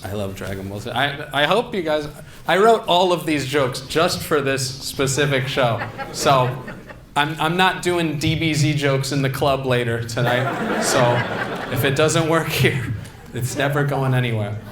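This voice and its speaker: Brief: young male stand-up comic, self-deprecating, echoey hall with ambient noise. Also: fairly high pitch. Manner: self-deprecating, quick, laughing asides. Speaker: stand-up comedian. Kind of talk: stand-up comedy set. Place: convention stage.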